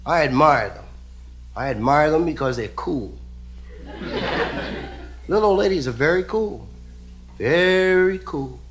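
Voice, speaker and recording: A male stand-up comedian spins a story with playful, mock-serious asides, his voice high for a man and swooping all over. Clear hiss from an old live record sits under every line. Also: expressive, unhurried, pauses often.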